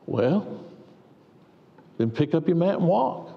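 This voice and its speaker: A man voicing a calm, courteous Jesus who asks and answers patiently. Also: a little high, slow pace, creaky, heavily acted. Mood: gentle. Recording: dull echoey hall recording.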